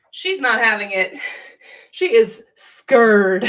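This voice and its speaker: A woman's voice: on the high side, animated, moderate pace, a bit bright, far from the mic. A young woman hosting a casual livestream from a spare room at home, chatty and giggly, laughing often. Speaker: livestream host. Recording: roomy sound, voice away from the mic.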